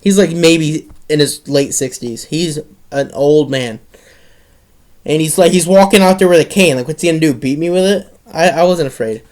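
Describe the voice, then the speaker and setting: A man's voice: fairly high pitch, moderate pace, a little mellow. A teenage boy telling a story in a casual monologue, rambling with many restarts and some swearing.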